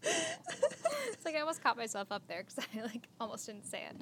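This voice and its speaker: A woman's voice: fairly high pitch, huge pitch swings, moderate pace, a bit bright, slight background noise. A young woman co-hosting a podcast, chatty and giggly, telling a story with lots of filler words. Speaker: podcast co-host. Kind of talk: casual podcast chat.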